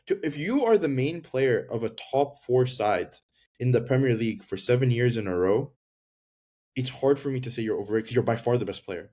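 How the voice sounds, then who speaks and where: Blunt man with a mellow, dark voice. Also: mid-range voice. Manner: blunt, dismissive pushback. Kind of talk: casual sports debate.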